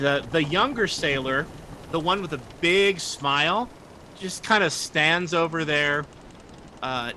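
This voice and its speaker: Bright-voiced man running a tabletop game. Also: medium pitch, slight background noise. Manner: rambling, with many fillers. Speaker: game master.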